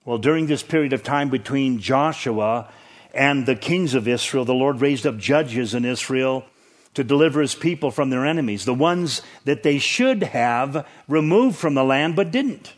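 A man's voice: medium pitch, normal speed. A man preaching a sermon as a pastor, teaching through scripture in a conversational way that lifts for emphasis. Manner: conversational Bible teaching, rising emphasis on key points.

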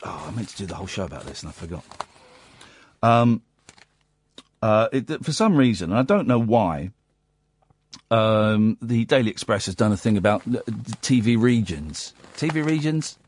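A man's voice: on the low side, expressive, moderate pace, long pauses, husky, no room sound. A man hosting a late-night radio show, rambling and sardonic, with bursts of mock outrage. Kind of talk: casual talk radio monologue. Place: radio studio. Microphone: studio microphone.

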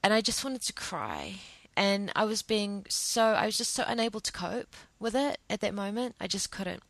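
Gravelly woman telling an emotional story. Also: medium pitch, very animated, normal speed, fairly bright tone, no echo. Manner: emotional, hesitant, many restarts. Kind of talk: personal storytime monologue.

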